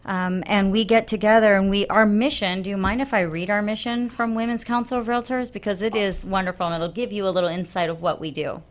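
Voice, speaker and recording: A woman's voice: mid-range voice, steady tone, fairly quick, few pauses. A woman realtor who is a guest on a radio show, explaining her network in a friendly, earnest way. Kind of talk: radio interview.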